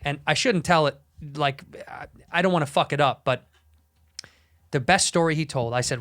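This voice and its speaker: A man co-hosting a podcast, telling an animated, profane story in casual talk with frequent restarts. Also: on the high side, moderate pace. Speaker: podcast co-host.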